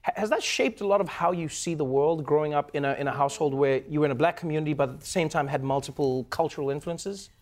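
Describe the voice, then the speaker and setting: A man's voice: a little high, quick pace, few pauses. A man hosting a late-night talk show in a studio, interviewing a guest playfully with frequent restarts. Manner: playful, stumbling over restarts. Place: television studio with live audience.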